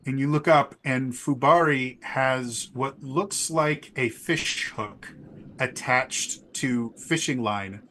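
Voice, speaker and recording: A man's voice: medium pitch, bright, forceful tone, slight background noise. Man narrating as game master. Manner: halting, with many fillers and restarts; dramatic storytelling.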